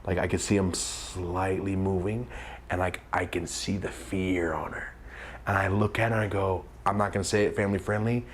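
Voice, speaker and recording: A young man telling a comedic story time, animated and acting out the voices of the people in it. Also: sits low, moderate pace, a little hiss or hum. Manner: animated, acts out quoted voices.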